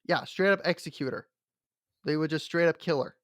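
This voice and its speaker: A man's voice: a little high, brisk, a bit bright, no echo, studio quality. A man co-hosting a casual chat, talking in a rambling way with many fillers and restarts. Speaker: podcast co-host.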